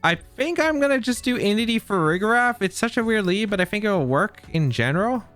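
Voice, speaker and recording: Guy talking through his match live, bright voice, lots of ups and downs in pitch, thinking out loud. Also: lively intonation, quick pace, faint music behind. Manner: thinks aloud, second-guessing plays. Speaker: competitive game player. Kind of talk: live gameplay commentary.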